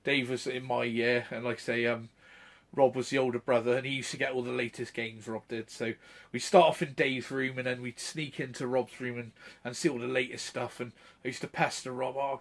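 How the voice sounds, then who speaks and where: A man's voice: medium pitch, fairly even intonation, moderate pace. Rambling, chuckling man in his thirties. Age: 30s. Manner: rambling anecdotes with frequent fillers and chuckles. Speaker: retro gaming channel host. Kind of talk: casual chat.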